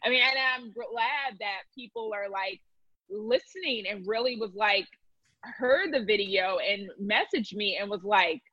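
Halting, earnest woman, dull dry audio. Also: medium pitch, bright, forceful tone, breathy edge, no echo. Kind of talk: candid conversation.

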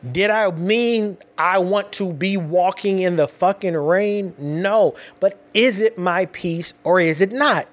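A man with children telling a personal story in casual, animated, slang-heavy talk, often restarting his sentences. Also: high voice, slow pace, few pauses. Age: adult with children.

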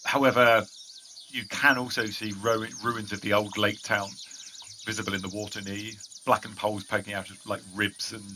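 Game master, male, lowish and bright, narrates with restarts, faint insect noise behind. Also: level tone, normal speed. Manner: descriptive with frequent restarts.

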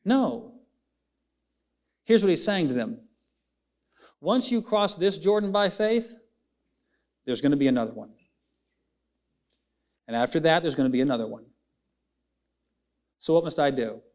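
Man preaching, high voice, young adult, dramatic swings, church sermon. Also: animated, a little mellow. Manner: preaching with big swings of pitch, dramatic slowdowns. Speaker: pastor. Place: church sanctuary.

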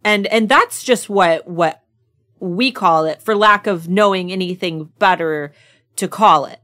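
A woman's voice: on the low side, a little slow, bright, forceful tone. An American woman co-hosting a casual book podcast, teasing her co-host and giggling. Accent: American English. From United States. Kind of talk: casual chat.

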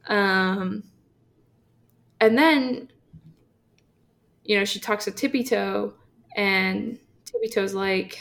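A woman chatting through a comic book plot for a podcast, peppering her retelling with "um" and "like" and slipping into the characters' lines. She talks at an unhurried pace with a gravelly edge to her voice. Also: medium pitch, fairly even intonation. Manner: chatty, filler-heavy, acts out quotes. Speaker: podcast co-host. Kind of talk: casual comic book recap.

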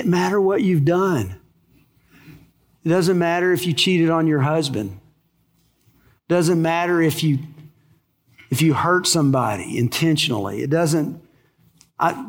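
A Texas-born preacher delivers an emphatic sermon, throwing questions to the congregation and answering them himself. His voice sits on the high side for a man, with a Texan twang. The sound carries a long reverb from a large hall. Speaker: pastor.

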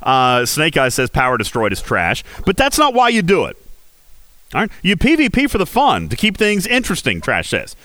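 A man hosting a casual game livestream, talking in an animated, rhetorical way with many fillers. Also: fairly high pitch, normal speed, no echo. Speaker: livestream host. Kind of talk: casual game commentary chat.

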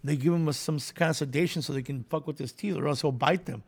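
A man's voice: a little high, quick pace, breathy edge. A man co-hosting a casual chat, animatedly retelling a story and acting out the voices in it. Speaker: podcast co-host.

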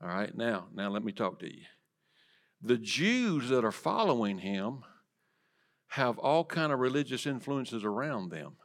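Male pastor, mid-pitched, dynamic sermon delivery, drops to whispers for effect. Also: sing-song, measured pace. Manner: dynamic preaching, swinging from loud emphasis to soft whispers. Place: church sanctuary.

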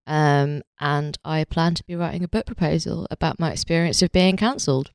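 A woman's voice: low voice, brisk, clean tone, dry recording, studio quality. A woman hosting a casual comedy podcast, hesitant with many restarts. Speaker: podcast host.

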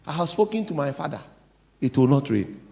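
Middle-aged Ghanaian pastor, lively sermon delivery, light high-set voice. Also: male voice, a little fast, vocal fry. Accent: Ghanaian English. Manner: animated preaching, swings from low asides to loud declarations.

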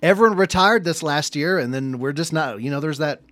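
A man's voice: on the high side, fairly bright tone, no echo. A man in his sixties co-hosting a podcast, joking around and handing out nicknames in casual banter. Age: 60s. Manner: joking, playful, quick with nicknames. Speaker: podcast co-host.

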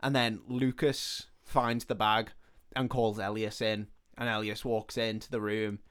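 A man's voice: on the low side, level tone, a little slow, fairly bright tone, clear, resonant tone. A man, a podcast host casually retelling a film's plot and acting out the characters' lines. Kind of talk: casual film recap chat.

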